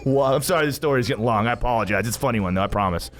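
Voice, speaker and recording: Talking very fast in a mid-range voice, a podcast co-host rambles through a profane story and laughs a lot during the casual chat. He's at a gym coffee bar, and there's slight background noise.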